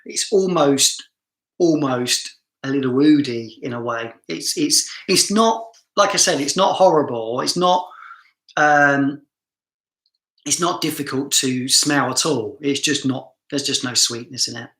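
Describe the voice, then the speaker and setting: Southern English accent, fragrance reviewer, live-stream chat, slow and bright, roomy echo, self-mocking. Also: medium pitch. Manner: chatty, self-mocking, laughs often.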